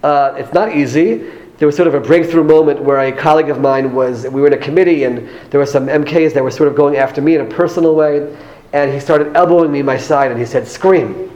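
A man's voice: on the high side, fairly even intonation, fast talker, darkish tone, muffled recording. A man with an American accent giving a speech to an audience as a former member of parliament, telling earnest personal anecdotes with light humor. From United States.

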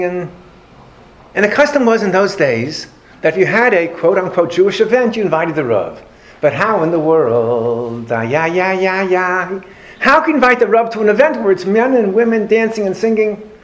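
A man giving a storytelling lecture on Jewish history to a live audience, animated and anecdotal with dry humor. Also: high voice, fairly quick.

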